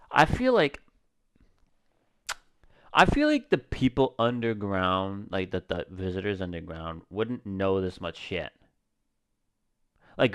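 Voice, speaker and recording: A man's voice: lowish voice, a bit bright, smooth. A man casually thinking aloud and swearing while commentating his own gameplay. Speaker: gaming YouTuber. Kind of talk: let's-play commentary.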